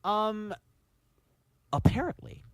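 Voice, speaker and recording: A young man on a podcast, casually telling animated stories and mimicking people. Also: slow. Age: young adult. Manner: animated storyteller, mimics people in high voices. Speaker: podcast co-host, music student. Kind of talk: casual chat.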